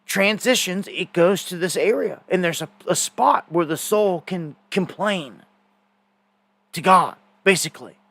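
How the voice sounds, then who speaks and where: Male stream host, casual rambling storyteller, somewhat high voice, dead-dry sound. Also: a bit bright, dry recording. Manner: rambling storytelling with fillers and repeated words. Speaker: host of a live news stream. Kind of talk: casual live-stream monologue.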